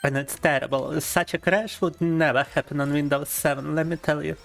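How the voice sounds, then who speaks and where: A man's voice: fairly high pitch, steady tone, moderate pace, creaky, a bit bright, faint music behind. Young man streaming, mock-dramatic. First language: Russian. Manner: mock-dramatic rambling, bilingual switching. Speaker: gaming streamer. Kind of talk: casual live-stream chat.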